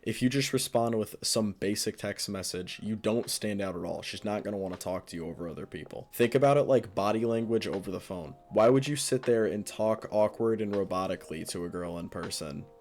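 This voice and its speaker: A man's voice: lowish voice, fairly quick, few pauses, a little mellow. A man giving blunt, offhand dating advice in a casual monologue.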